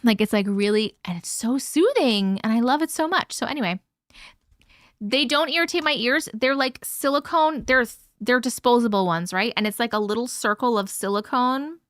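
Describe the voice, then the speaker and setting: A young woman hosts a late-night live stream, bright and a touch high in pitch. She rambles warmly to her viewers, swears without a second thought, and laughs a lot. The sound is close and dry, with no room echo. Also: animated, normal speed. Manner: chatty, swears freely, laughs often, many "like" fillers. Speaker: livestream host. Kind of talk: casual live chat reading viewer comments.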